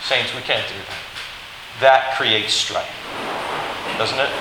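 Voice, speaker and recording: A man preaching a sermon, telling a Bible story in an animated way and acting out the quoted lines. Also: medium pitch, slow pace. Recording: very echoey hall with faint hiss.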